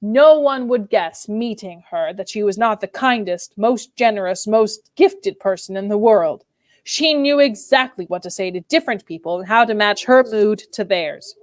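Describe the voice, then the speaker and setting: A woman's voice: mid-range voice, expressive, normal speed, no room sound, close to an everyday voice. A woman voicing a brooding, tormented older husband, speaking with bitter intensity in a dry, close reading.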